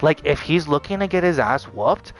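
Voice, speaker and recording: A man's voice: on the high side, lively intonation, moderate pace, soft background music. A man venting in a vlog monologue, swearing often and repeating himself with lots of fillers. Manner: profane, repetitive ranting with many fillers. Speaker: vlogger.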